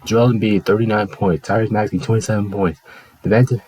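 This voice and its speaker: A man's voice: on the low side, fairly even intonation, fairly quick, darkish tone, husky, poor audio. A man hosting his own video, talking through sports results in a casual, offhand, chatty way.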